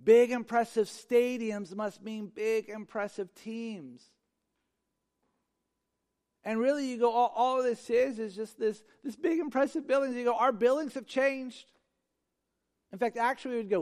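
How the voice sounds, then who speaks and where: A man's voice: very high-pitched, fairly even intonation, unhurried, a little mellow. A male pastor preaching a sermon, emphatic and repeating phrases for effect. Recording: long hall reverb.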